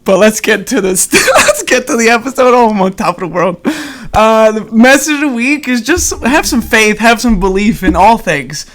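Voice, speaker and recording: A man's voice: sits high, very animated, normal speed, few pauses, fairly bright tone. A young man hosting a casual podcast, exuberant and chatty, laughing often. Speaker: podcast host. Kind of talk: excited casual podcast chat.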